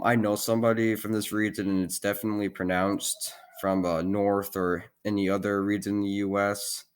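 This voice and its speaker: A man with a notably deep, low-pitched voice talks through a map as a casual explainer. He is relaxed and unscripted, and he keeps stopping to fill gaps with ums and likes. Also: clean tone. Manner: loose and hesitant, with many ums and likes. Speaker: geography video host.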